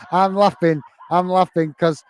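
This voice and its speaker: A man's voice: a little high, steady tone, brisk, a little mellow, clean tone, dry recording. A man from the UK hosting a live football fan stream, chatting casually and thanking viewers for their comments. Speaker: football channel host. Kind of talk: live stream chat reading.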